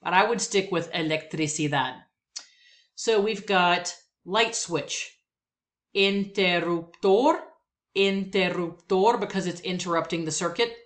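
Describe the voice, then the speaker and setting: Woman teaching vocab, says every word twice, really slow and careful, kinda low voice. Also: fairly bright tone. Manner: plain, practical explaining. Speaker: Spanish teacher. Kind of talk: vocabulary lesson, reading word lists.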